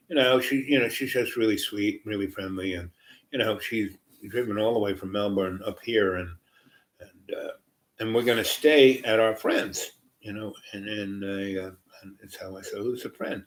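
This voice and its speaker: Middle-aged male storyteller, low-pitched, casual and meandering, lots of "you know". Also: fairly even intonation, a little slow, a bit bright. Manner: meandering, heavy with fillers and restarts. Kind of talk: rambling personal anecdote.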